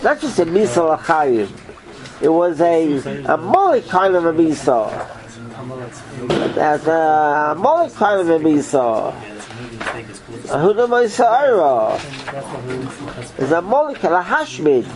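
A man giving an informal Torah class, quizzing his listeners in an animated way. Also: a little high, a little slow, long pauses, a crowd in the background, rough recording. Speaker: Torah teacher.

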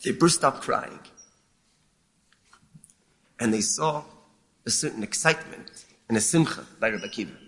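A man teaching as a rabbi, explaining a lament text in a measured, halting way and often repeating words. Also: mid-range voice, lively intonation, a bit bright. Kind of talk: explaining a lament text, mixing Hebrew terms.

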